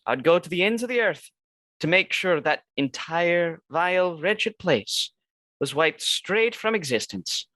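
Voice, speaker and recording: A man's voice: sits high, very animated, unhurried, pushed and bright, no room sound. A man playing a tabletop game, rambling through his character's motives with many fillers. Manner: rambling, uses fillers like 'you know'. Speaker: player.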